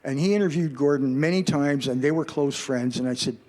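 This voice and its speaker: A man's voice: a little high, fairly quick, few pauses. A middle-aged man from Canada, a journalist telling a story to a live audience and acting out what people said. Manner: animated, acts out quoted voices.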